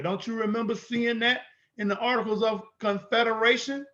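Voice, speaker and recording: A man's voice: very high voice, steady tone, normal speed, fairly bright tone, dull audio. A man teaching in an emphatic way, repeating his points and asking rhetorical questions. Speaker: instructor. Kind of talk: teaching lecture.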